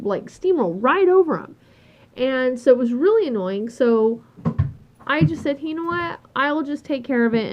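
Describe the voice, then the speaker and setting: A fairly high-voiced woman tells a work story in a loose, exasperated rant. She swears freely and acts out what others said in animated voices. The recording sounds dull and lo-fi. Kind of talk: casual ranting monologue.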